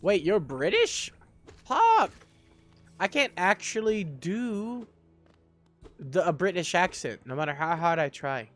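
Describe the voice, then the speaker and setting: Young man, streamer, high voice, very animated, joking and self-deprecating, faint music behind. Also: measured pace. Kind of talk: live gameplay chat.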